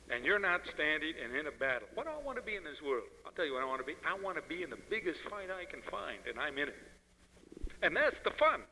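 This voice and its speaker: A man with a high, piercing, very bright voice delivers a fiery lecture in an emphatic, preacherly style. The old 1971 recording carries the long reverb of a big hall. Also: slight background noise. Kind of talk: impassioned political lecture.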